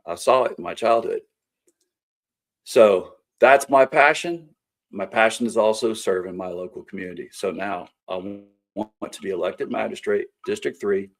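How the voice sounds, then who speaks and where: A middle-aged man with a Kentucky accent, hosting a show and telling folksy stories in earnest, plain-spoken campaign talk. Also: lowish voice. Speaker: host and candidate for local office. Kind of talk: casual campaign talk to camera.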